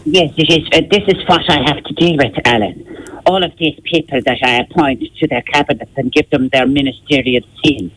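A man's voice: on the high side, fairly bright tone, breathy edge, rough recording. A man impersonating an elderly Irish president with a west of Ireland accent, meandering and fussy in a radio comedy sketch. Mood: genial. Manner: meandering, slow and fussy, mimics other accents.

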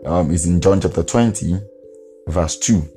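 A man's voice: low voice, measured pace, mellow, faint music behind. A man preaching an earnest devotional podcast sermon, repeating phrases for emphasis.

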